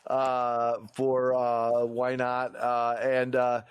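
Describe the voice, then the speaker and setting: A man hosting a comedy podcast, running an improv game with many fillers and quick laughs. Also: medium pitch, completely flat delivery, clear, resonant tone, no echo. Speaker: podcast host. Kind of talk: casual chat.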